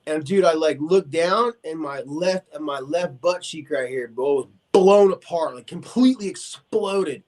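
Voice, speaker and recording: Speaking a little slowly with hardly any pauses, this forties-aged man has a slightly high voice. As a podcast guest he relates a long story casually and animatedly, voicing the quotes and dropping many fillers.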